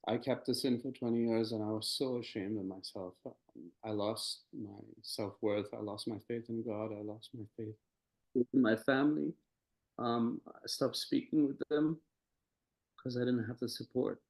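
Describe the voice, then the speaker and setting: A man, a podcast guest, telling a personal story in a halting, hesitant way with many pauses and restarts. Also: medium pitch, fairly even intonation, darkish tone, low-quality recording. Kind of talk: personal testimony in conversation.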